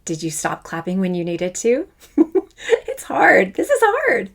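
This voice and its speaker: Encouraging music teacher, slow and upbeat. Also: female voice, medium pitch, wildly swooping pitch. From Canada. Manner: enthusiastic, encouraging, speaks straight to the learner; draws out and stresses syllables while chanting fruit names. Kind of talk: children's music lesson.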